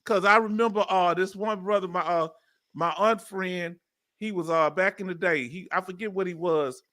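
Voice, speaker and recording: A man's voice: sits high, steady tone, normal speed, pushed and bright. A man with a Southern US accent hosting a casual livestream from home, chatting with a guest and reading viewer comments aloud. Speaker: livestream host.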